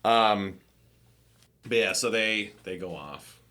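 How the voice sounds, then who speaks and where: Bright-voiced male podcast co-host. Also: fairly low pitch, slow pace. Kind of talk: casual chat.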